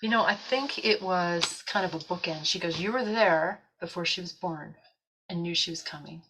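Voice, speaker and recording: A woman's voice: lowish voice, normal speed, noisy background. A woman in casual chat, telling a story and acting out the voices of people in it. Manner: animated storyteller, acts out quoted voices.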